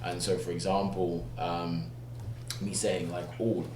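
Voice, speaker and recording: Deep guy, chill, explains stuff with lots of ums, echoey room, humming noise. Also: measured pace. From United Kingdom. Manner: calm, explanatory, lots of fillers. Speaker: actor guest. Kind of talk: relaxed interview talk. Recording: echoey room with background hum.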